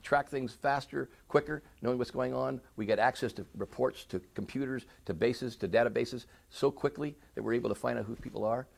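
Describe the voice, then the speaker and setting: A middle-aged man giving an oral history interview, speaking earnestly with many halting restarts. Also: mid-range voice, vocal fry. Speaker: interviewee, victim services director.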